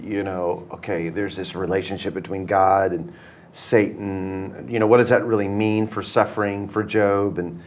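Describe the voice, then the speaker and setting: A man's voice: deep voice, level tone, normal speed, a little mellow, slight background noise. A middle-aged man, a pastor, talking thoughtfully in a casual conversation, often hesitating and repeating words. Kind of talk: casual conversation about faith.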